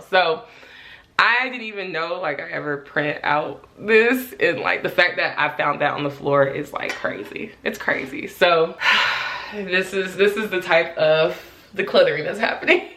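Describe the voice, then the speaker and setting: Casual woman vlogger, low-ish and bright, rambling chat, roomy echo. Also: expressive, unhurried. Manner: chatty, rambling, heavy use of "like", addresses viewers directly. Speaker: home decluttering vlogger. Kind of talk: casual vlog chat to camera. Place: home office, indoors.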